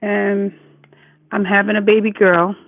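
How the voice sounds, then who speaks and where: Over a phone line, a woman in her forties calls in with casual, consoling talk, speaking emphatically and reassuringly and repeating herself for stress. Her voice is mid-range and level, with a measured pace and no echo.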